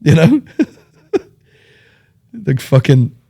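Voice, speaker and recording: A man hosting a podcast, rambling in animated, sweary banter. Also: on the high side, extremely slow, gravelly. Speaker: podcast host. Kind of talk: casual chat.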